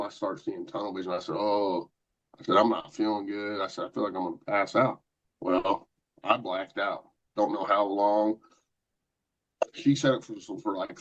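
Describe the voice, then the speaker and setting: A middle-aged man, a paranormal investigator, telling a long personal story in a casual, rambling way with lots of quoted asides. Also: on the low side. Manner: rambling, animated anecdotes with many quoted asides. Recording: dull lo-fi podcast audio.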